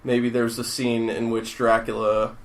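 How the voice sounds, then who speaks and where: A man's voice: medium pitch, monotone, measured pace. A man co-hosting a podcast, talking in a rambling, enthusiastic way with casual swearing. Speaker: podcast co-host. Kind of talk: casual chat.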